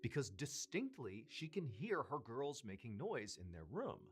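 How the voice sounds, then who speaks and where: A man's voice: mid-range voice, very animated, measured pace. A man narrating a creepy story from a played video, building suspense.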